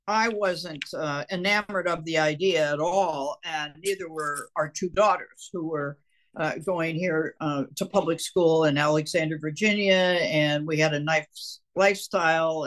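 Older woman reading her memoir aloud. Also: low-pitched. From Minnesota. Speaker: guest author.

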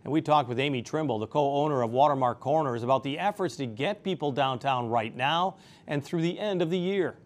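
A man's voice: mid-range voice, brisk, few pauses. A man hosting a local TV segment, introducing and interviewing a guest in an upbeat, conversational way. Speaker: local TV host.

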